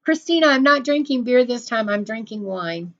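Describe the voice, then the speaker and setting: Casting: middle-aged woman host, higher voice, gushing and chatty, lo-fi stream audio. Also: expressive, moderate pace. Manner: gushing, effusive greetings, repeats herself. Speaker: channel host on a livestream. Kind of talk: casual livestream chat greeting viewers.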